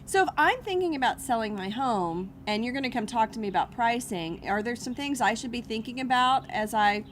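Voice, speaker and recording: Woman interviewer, asks lots of follow ups, soft hiss behind. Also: on the high side, expressive, fairly quick. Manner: inquisitive, follows up with short prompts. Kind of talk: interview questions.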